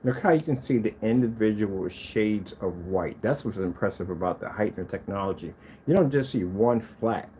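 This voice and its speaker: Brief: low-voiced man talking to himself on camera, lively swings in pitch, proud and defensive. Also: normal speed, slight background noise. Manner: animated, talks to himself as he browses; proud, defends his product. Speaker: projector screen maker demonstrating his product. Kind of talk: casual talk to camera while testing.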